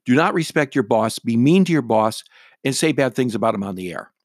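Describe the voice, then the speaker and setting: A man's voice: medium pitch, animated, a little fast, no echo, studio quality. Blunt, wry middle-aged man. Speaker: radio talk show host. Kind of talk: casual anecdotal storytelling.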